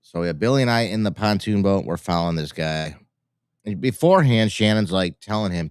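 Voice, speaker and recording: A man co-hosting a live show, telling a long story in casual chat with halting restarts. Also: low-pitched, smooth, dry recording, clean studio sound.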